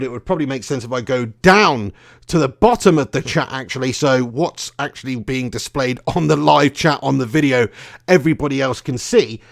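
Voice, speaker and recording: A man's voice: mid-range voice, creaky. A young man, hosting a casual live stream, chatty and swearing freely, laughing often. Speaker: fan channel host.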